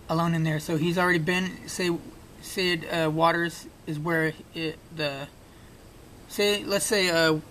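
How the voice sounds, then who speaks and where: The man's tone is fairly bright as he works out a puzzle aloud for his video, stumbling through fillers and restarts in casual on-screen analysis. Audio quality is poor, and a faint rumbling sits in the background.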